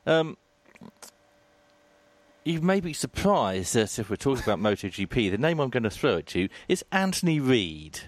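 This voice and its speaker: A man's voice: medium pitch, very animated, normal speed, no room sound. A man presenting news on a motorsport radio podcast, reading out quotes playfully in casual chat.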